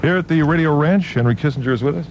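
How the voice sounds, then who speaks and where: A man hosting a morning radio show from the studio, trading quick, teasing banter with his co-hosts. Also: on the high side. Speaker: radio host. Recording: dull lo-fi radio broadcast with faint hiss.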